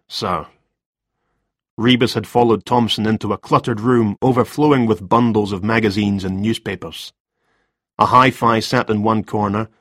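Man, measured audiobook narration, low pitch, husky tone. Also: dry recording, clean studio sound. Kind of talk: scripted narration of a crime novel.

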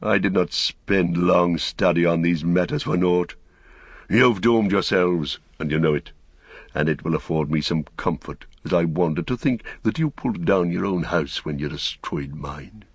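A man's voice: sits low, husky, no room sound, studio quality. Saruman, a man doing a sneering old wizard. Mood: scornful. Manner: slow, sneering, mocking. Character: bitter fallen old male wizard, scornful.

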